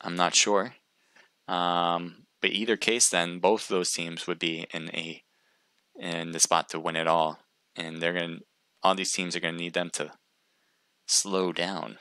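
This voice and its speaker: A man's voice: deep voice, level tone, unhurried, bright, forceful tone, clean tone, no echo. A man casting a live stream, chatting casually with viewers and thinking aloud with frequent restarts. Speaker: livestream caster.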